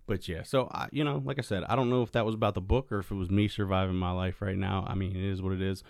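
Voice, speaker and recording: Young male co-host, low voice, dry close sound, loose rambling chat. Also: steady tone, fast talker, creaky, no room sound. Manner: rambling, many fillers. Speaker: podcast co-host. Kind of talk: casual chat.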